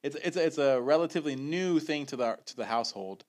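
Brief: guy co-host on a casual podcast, crude jokes, expressive rising and falling voice. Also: a little high. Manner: crude joking, quick reactions and banter. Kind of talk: casual chat.

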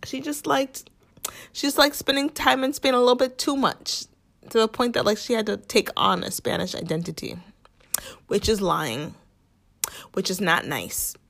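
A woman's voice: on the high side, moderate pace, gravelly, a bit bright. Chatty sarcastic young woman. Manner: chatty and sarcastic, heavy use of "like", mock-quoting others. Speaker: podcast host. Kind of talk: casual commentary monologue.

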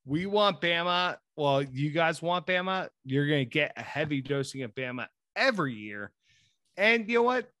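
A man with a bright, fairly high voice talks college football on a podcast. He is casual and profane, dropping into mumbled asides and then bursting into excited pitches. The sound is dry and close. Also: moderate pace, no echo. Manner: animated, profane, swings from mumbling asides to loud hype. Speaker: podcast co-host. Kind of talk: casual sports podcast chat.

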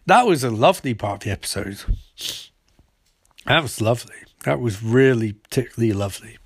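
A man's voice: mid-range voice, expressive, brisk, breathy edge, dry recording, clean studio sound. A man recapping and reviewing a TV episode in a casual, rambling way, sarcastic and full of swearing. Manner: sarcastic and profane, loose rambling delivery.

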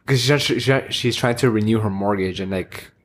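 A young man, talking bluntly and swearing while he recounts a difficult customer. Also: normal speed. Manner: blunt, swears, low-key reactions. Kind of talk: casual chat.

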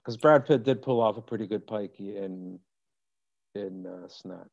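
A man's voice: on the low side, a little slow, vocal fry, darkish tone, no room sound, dull audio. A man hosting a casual interview, rambling and joking with enthusiasm. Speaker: podcast host.

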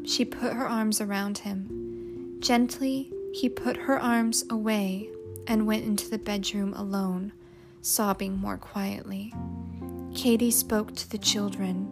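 A woman reading a story aloud in a measured, expressive way. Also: mid-range voice. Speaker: narrator. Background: music.

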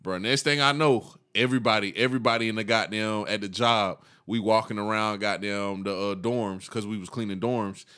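A man's voice: lowish voice, fairly even intonation, normal speed, few pauses, bright, forceful tone, clear, resonant tone. A man in his thirties telling a long, profane story in casual chat, laughing and acting out the people in it.

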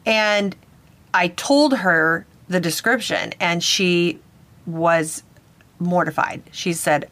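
A woman's voice: fairly low pitch, takes it slowly, a bit bright. A woman hosting a podcast as a psychic medium, telling a personal story in an earnest, slightly hesitant way.

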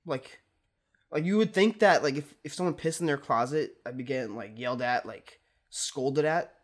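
A man's voice: medium pitch, normal speed. A young man in his twenties, a podcast co-host, telling a rambling story in casual chat, full of fillers.

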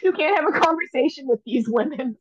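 A woman's voice: high-pitched, expressive, fairly quick, no room sound. Blunt joking woman co-host, dull sound. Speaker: podcast co-host. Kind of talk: casual gossip chat.

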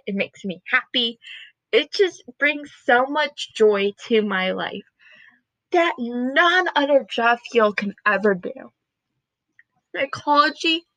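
A woman's voice: on the high side, sharp tone, dry recording, rough recording. A young woman in her twenties rambling and gushing to the camera in a casual chat, drifting off topic and dropping into whispers. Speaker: vlogger.

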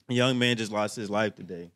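A man giving slangy, reflective casual reaction commentary, often clearing his throat. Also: lowish voice, fairly bright tone.

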